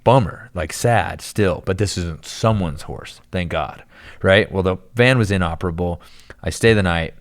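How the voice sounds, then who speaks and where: Deep-voiced young man telling a rambling story. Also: moderate pace. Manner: rambling, animated storytelling with lots of "like" and "dude". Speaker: podcast guest. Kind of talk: casual storytelling chat.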